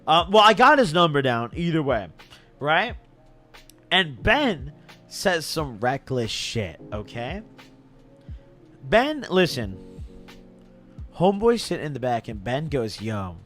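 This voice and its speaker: A man's voice: on the high side, takes it slowly, pauses often, soft background music. A young man, intoxicated, telling a story on a stream in a casual, slangy way and laughing as he goes. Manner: animated, slangy, laughs through his story.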